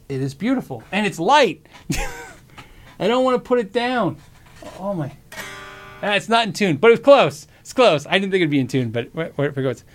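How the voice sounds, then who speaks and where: Hosting his own show in a casual livestream, a man with a very high-pitched voice chats excitedly. He stumbles over words and frequently abandons sentences to begin again.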